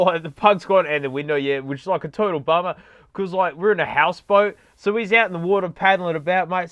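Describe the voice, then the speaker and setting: A man's voice: sits high, bright, forceful tone, dry recording, poor audio. A man putting on a laid-back young Australian bloke who drawls and says mate constantly while telling a yarn, heard through an earbud microphone.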